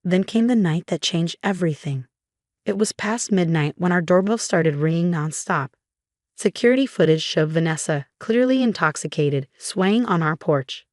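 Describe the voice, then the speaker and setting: A woman with a fairly low voice tells a dramatic first-person story in a steady, scripted narration. The recording is dry and close, with no room sound. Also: moderate pace, dry recording.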